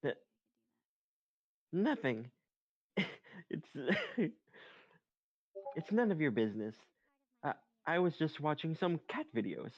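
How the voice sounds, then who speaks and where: A man's voice: on the high side, very animated, slow pace, long pauses, dry recording, highs cut off, pitched above the performer's own voice, exaggerated voice. A man voicing a proud, competitive AI twin sister who answers flustered and defensive, in a fan story reading.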